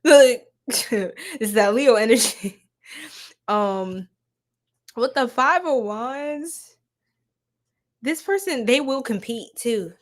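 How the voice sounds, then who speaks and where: A woman's voice: fairly high pitch, animated, extremely slow, long pauses. A woman giving a casual livestream tarot reading, laughing often and chatting with viewers.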